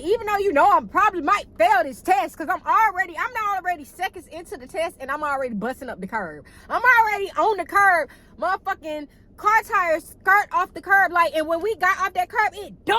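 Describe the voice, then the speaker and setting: A young woman telling a casual storytime to her viewers in a chatty, animated way, cussing freely and calling them y'all. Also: very high-pitched, fairly quick, hardly any pauses, poor audio. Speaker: vlogger.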